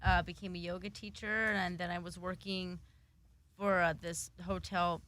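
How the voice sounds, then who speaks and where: A woman's voice: on the low side, level tone, normal speed, a bit bright. A woman chatting as a podcast guest, telling stories in a talkative way, peppered with "like" and "you know". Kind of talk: casual podcast chat.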